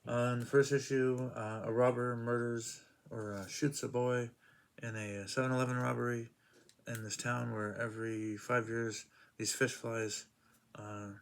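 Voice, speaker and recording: A man's voice: on the low side, a bit bright. A man casually reviewing comic books, rambling through plot summaries with many fillers.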